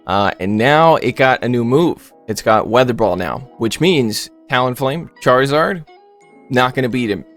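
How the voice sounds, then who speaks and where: A man's voice: mid-range voice, lively intonation, normal speed, faint music behind. A man giving casual gameplay commentary as a YouTuber, rambling and joking with lots of filler words. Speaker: gaming YouTuber.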